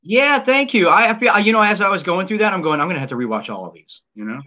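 A man's voice: sits high, lively intonation, fast talker, sharp tone. A man hosting a casual live stream, joking around and often repeating words as he chats with viewers. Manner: playful, jokey, stumbles and repeats words. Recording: dull lo-fi stream audio.

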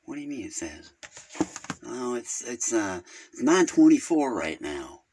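A man's voice: mid-range voice, sing-song, unhurried, darkish tone, slight background noise. A man playing a naive, rambling caller named Virgil who keeps drifting off topic on a phone call. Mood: flustered. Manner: rambling, easily sidetracked, crude. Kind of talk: comedic character phone call.

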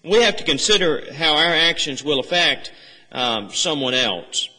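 A man's voice: a little high, expressive, a little slow, sharp tone. A man preaching an earnest sermon, explaining a scripture passage verse by verse and pressing home key phrases. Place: church sanctuary. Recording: church sanctuary with long reverb.

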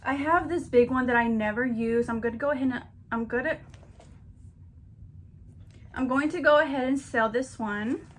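A woman's voice: high-pitched, moderate pace, pauses often, slight background noise. Chatty young woman showing off her hauls. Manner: chatty, gushing, addresses viewers as girlies. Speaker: vlogger. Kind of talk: casual haul vlog.

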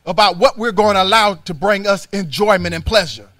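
A man's voice: sits high, fairly quick, sharp tone, no echo. A man preaching a sermon as youth pastor in a church, with a fervent, repetitive cadence and folksy everyday phrasing. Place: church sanctuary.

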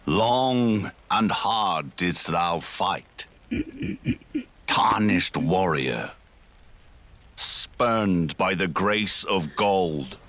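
A man's voice: animated, exaggerated voice. An actor playing an ancient, grim male warrior-king boss in a video game, speaking in solemn archaic words. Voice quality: deep gravelly archaic speech. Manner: solemn, slow and grandiose. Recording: game audio under loud music.

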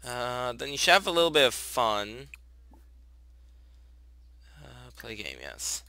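Young male let's-play host, chatty with his game characters, bright clear tone. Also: mid-range voice, very animated, slow pace, dry recording. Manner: chatty, talks to his game characters, gushes at cute moments. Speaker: gaming channel host. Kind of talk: casual let's play commentary. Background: soft background music.

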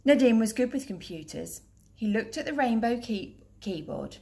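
A woman teacher reading a children's picture book aloud in a clear, steady, gentle voice. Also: fairly high pitch, moderate pace.

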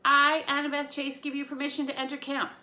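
A woman's voice: fairly high pitch, measured pace, a bit bright, pitched above the performer's own voice. A woman reading aloud as a clever teenage girl who gives firm orders. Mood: commanding. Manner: firm, commanding.

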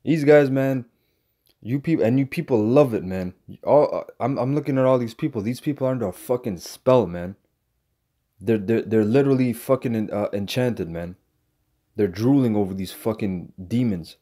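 A man's voice: on the low side, warm tone. A man preaching in a heated, profane rant, stumbling over restarts and tacking "man" onto the end of his lines. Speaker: online preacher. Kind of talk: angry ranting livestream monologue.

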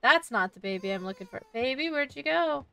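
A woman's voice: sits high, lively intonation, a little fast, vocal fry, bright, forceful tone, far from the mic, slight background noise. A woman playing a horror game, chatting playfully and commenting as she goes, often talking to the game's baby. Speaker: gaming YouTuber. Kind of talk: casual let's-play commentary.

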